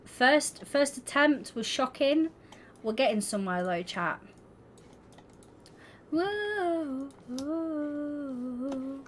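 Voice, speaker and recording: A woman's voice: a little high, expressive, a little slow, a little hiss or hum. A young woman streaming, chatting casually and giggling as she talks to her viewers. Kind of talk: casual livestream chat while gaming.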